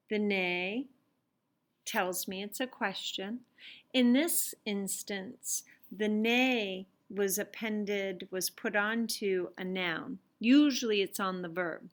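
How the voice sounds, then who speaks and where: Woman latin teacher going thru worksheet drills, unhurried, methodical. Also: mid-range voice. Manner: patient, methodical, sounds out Latin phrases slowly. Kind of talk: explaining worksheet exercises.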